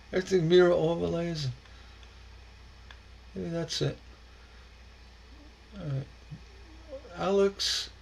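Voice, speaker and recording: A man's voice: high voice, creaky, husky, low-quality recording. A man hosting a casual stained glass livestream, rambling and chuckling as he reacts to viewers' posts, often stammering and repeating words.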